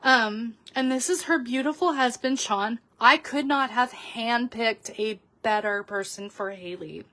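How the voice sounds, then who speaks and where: A middle-aged woman talks through a crafting tutorial in a slightly high voice. She speaks slowly and chattily, with frequent ums and self-corrections. She lets her feelings show openly. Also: pushed and bright. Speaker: papercraft video host.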